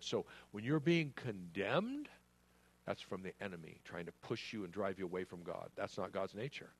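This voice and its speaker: Male preacher, low voice, earnest and emphatic sermon delivery. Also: expressive, moderate pace, slightly rough. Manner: earnest, emphatic, acts out quoted prayers.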